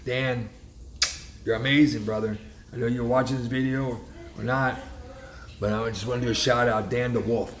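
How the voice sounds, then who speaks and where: A man's voice: mid-range voice, fairly even intonation, normal speed, long pauses, reverberant. A man casually telling a story in a rambling, emphatic way, often restarting his sentences. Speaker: realtor vlogger.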